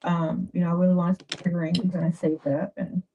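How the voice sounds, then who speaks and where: A woman giving dating advice in a chatty, animated livestream talk. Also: lowish voice, a little fast, slight background noise. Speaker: advice host. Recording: dull lo-fi sound.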